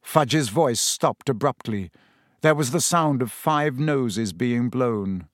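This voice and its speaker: A man reading a story aloud as narrator in an expressive storytelling manner, close to the mic. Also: mid-range voice, slow pace, no echo. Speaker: audiobook narrator. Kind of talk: scripted narration.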